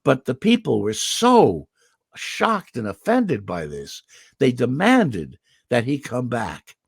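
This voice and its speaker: An older man, a veteran voice actor, telling stories in an interview with lively delivery and a throat he keeps clearing. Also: medium pitch, slow, no echo, studio quality. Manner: animated anecdotal delivery with restarts. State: throat irritated, clearing it often. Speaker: voice actor guest. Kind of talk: interview storytelling. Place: home in California.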